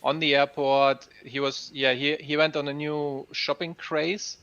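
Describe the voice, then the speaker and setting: A man's voice: fairly high pitch, little pitch movement, a little slow, a bit bright, clear, resonant tone, no echo. A man hosting a casual livestream, upbeat and greeting chat viewers by name. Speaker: livestream host. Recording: dull lo-fi sound.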